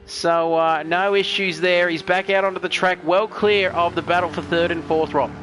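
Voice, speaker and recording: A man's voice: high voice, steady tone, moderate pace, fairly bright tone, slight background noise. A man commentating a sim race, chatty and joking while reading out viewer messages. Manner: chatty, joking, reads chat messages aloud.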